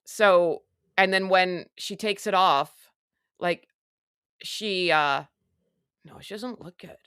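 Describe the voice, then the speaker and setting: A woman's voice: on the low side, takes it slowly, a bit bright, clear, resonant tone, dry recording, clean studio sound. A woman hosting a casual celebrity gossip livestream, chatty and sarcastic as she talks to her viewers. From Canada. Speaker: livestream host.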